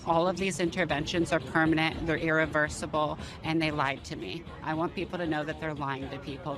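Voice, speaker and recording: An interviewee in a played clip speaks at an even mid pitch with very little movement in the voice. The delivery is earnest and insistent, pressing each point home.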